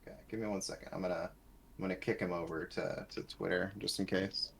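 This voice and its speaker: A man's voice: low voice, fairly even intonation, fast talker, creaky, slight background noise. A man co-hosting a casual live stream, offering technical editing tips and passing along viewers' chat messages. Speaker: stream co-host reading chat.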